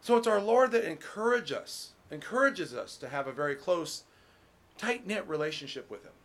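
A middle-aged man preaching a relaxed, conversational sermon as pastor, folksy, full of restarts and "you know.". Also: fairly high pitch, moderate pace.

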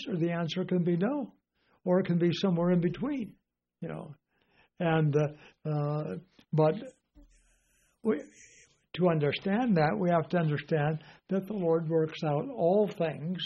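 An older man preaching in a relaxed, folksy way, wandering through stories with plenty of "uh" and "you know". His voice sits a bit high for a man. The recording sounds dull and lo-fi. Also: gravelly. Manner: rambling, folksy, many fillers. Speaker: Bible teacher. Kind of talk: informal sermon.

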